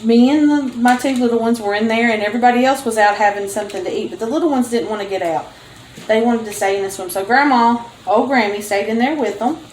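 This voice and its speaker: A woman's voice: on the high side, a little hiss or hum. Chatty older woman in an echoey kitchen. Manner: chatty, homey storyteller, laughs often. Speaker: home cooking show host. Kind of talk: casual cooking vlog chat. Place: home kitchen.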